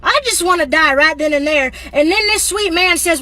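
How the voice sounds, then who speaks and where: A woman with a high, bright voice tells an embarrassing storytime tale. She sounds dramatic and apologetic the whole way through. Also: moderate pace, few pauses. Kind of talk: casual storytime.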